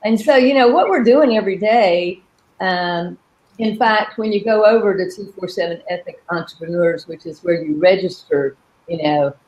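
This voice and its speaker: A woman's voice: on the low side, a little mellow, rough recording. A middle-aged woman hosting a live coaching session, talking earnestly and walking listeners through a repeated affirmation exercise. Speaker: coach and host. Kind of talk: live coaching webinar talk.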